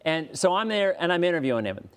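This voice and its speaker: A somewhat high-voiced American man hosting a laid-back chat show. He rambles through stories full of restarts, chuckling as he goes, the easy talk of a local weather presenter. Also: very animated, fast talker, clear, resonant tone. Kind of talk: casual interview chat.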